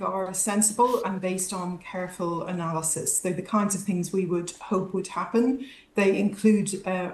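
A woman who researches healthcare appears as an academic guest in a news interview, speaking thoughtfully and analytically with frequent ums and restarts. Her voice sits on the low side and is a little mellow. The room is echoey.

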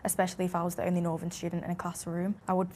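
A woman's voice: on the low side, monotone, racing, mellow, a little hiss or hum. A young woman with a Manchester accent talking reflectively in an interview. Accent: Mancunian. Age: young adult.

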